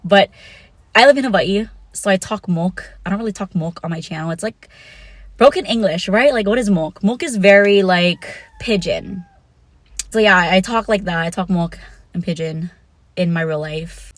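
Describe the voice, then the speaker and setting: A woman's voice: mid-range voice, expressive, normal speed, dry recording. A young woman vlogging a frank, casual monologue, giggling and swearing with self-conscious asides.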